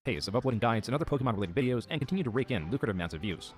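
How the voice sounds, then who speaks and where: Man narrating a commentary video fast. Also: mid-range voice, lively intonation, husky, faint music behind. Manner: measured, reads out quotes. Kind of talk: scripted narration.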